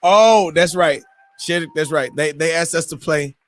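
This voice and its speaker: High-voiced, animated storytelling man. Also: measured pace, a little hiss or hum. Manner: animated, mimics crowd voices and whoops. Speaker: morning show host. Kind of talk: casual storytelling.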